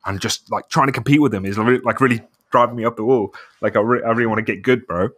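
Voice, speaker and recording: A man's voice: medium pitch, fast, a bit bright, no room sound, studio quality. A man in his thirties co-hosting a podcast, chatting casually and rambling, often saying "bro". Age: 30s. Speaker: podcast co-host. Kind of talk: casual chat.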